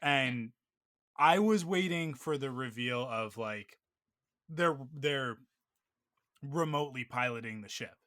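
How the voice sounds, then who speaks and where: Young male podcast co-host, bright tone, dry mic, thoughtful rambling chat. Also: mid-range voice, slow pace, long pauses, dry recording. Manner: thoughtful, talks through ideas with restarts and fillers. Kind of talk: casual chat.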